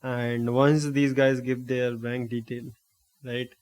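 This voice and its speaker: A young man with an Indian English accent tells a long story from his own life. He rambles a little, corrects himself in mid-sentence and keeps tossing in "right?" to keep the listener with him. His voice sits at an ordinary middle pitch. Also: level tone, slow pace, darkish tone, clean tone. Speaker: host. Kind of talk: casual storytelling monologue.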